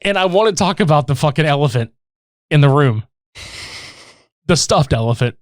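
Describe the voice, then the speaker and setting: A man's voice: a little high, animated, normal speed, no room sound, clean studio sound. A man co-hosting a podcast in casual, profane film chat, acting out scenes in funny voices. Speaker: podcast co-host.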